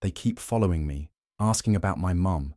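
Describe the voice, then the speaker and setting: A man's voice: sits low, normal speed, a little mellow, no room sound, clean studio sound, close to an everyday voice. A man voicing a frightened nineteen-year-old woman, pleading in a shaky voice.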